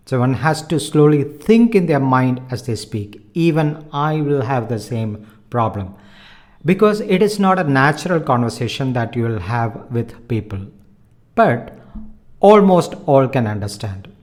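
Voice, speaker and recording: A man teaching a language lesson online, explaining in a measured, earnest way and using simple analogies. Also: medium pitch, big pitch swings, darkish tone.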